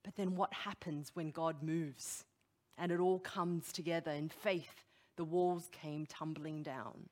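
A middle-aged woman preaching a sermon, animated and emphatic, putting direct questions to her listeners. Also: medium pitch, normal speed.

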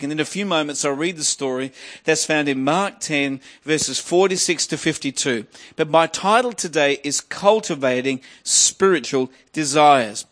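A man's voice: a little high, a bit bright. A middle-aged male preacher giving a sermon, joking and restarting phrases, then building to emphatic preaching.

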